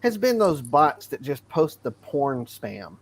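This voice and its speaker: A man's voice: fairly high pitch, sing-song, slow. Regular guy streamer, laid back, mid voice, noisy mic. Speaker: live streamer. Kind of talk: casual panel chat.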